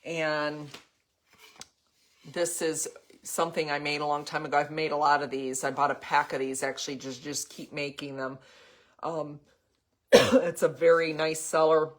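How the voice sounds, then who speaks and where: A woman's voice: low voice, flat delivery, a little slow. An older woman hosting a casual live craft demo, chatting with viewers, rambling with frequent ums and the odd cough. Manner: chatty, answers viewer comments as she goes. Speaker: craft host.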